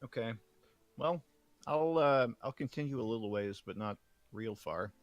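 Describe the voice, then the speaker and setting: A man taking his turn in a tabletop game, his voice rough with fry. He talks in an easygoing way, close and dry on the mic. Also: medium pitch, lively intonation, moderate pace, no echo. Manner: easygoing, describes his character's actions. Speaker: player. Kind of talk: tabletop role-play as a player.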